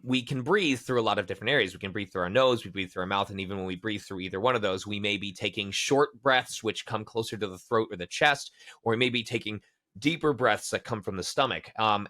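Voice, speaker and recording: A young man in his twenties, a voice actor talking in an interview, animated and somewhat nasal, with a throat that sounds worn out. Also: a little fast. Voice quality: nasal when excited. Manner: animated, demonstrates vocal placement by shifting voice lower. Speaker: voice actor guest. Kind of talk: interview conversation.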